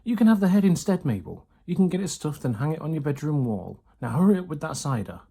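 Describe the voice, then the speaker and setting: A man's voice: on the high side, very animated, a little fast, creaky, dark tone, breathy edge, exaggerated voice. A man voicing a bossy, impatient farmer's wife in a storybook reading, with a commanding manner.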